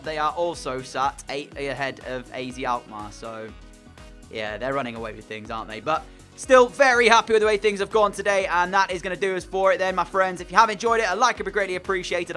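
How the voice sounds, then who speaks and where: A man's voice: fairly high pitch, fast, pushed and bright, soft background music. A young man commentating on his own video game match in an exasperated, sarcastic way. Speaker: gaming commentator.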